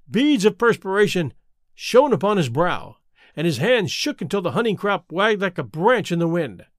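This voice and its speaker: A man narrating a classic detective story in a measured, expressive reading. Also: high-pitched, dry recording, studio quality. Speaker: audiobook reader.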